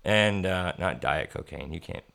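A young man hosting a podcast, telling work stories in a profane, animated way and laughing often. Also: sits low, unhurried, gravelly. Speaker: podcast host. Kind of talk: casual storytelling chat.

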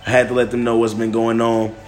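A man's voice: mid-range voice, completely flat delivery, fast talker. A man hosting a solo podcast, talking loosely with lots of restarts and fillers. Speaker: podcast host. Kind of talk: casual solo podcast monologue. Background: faint music.

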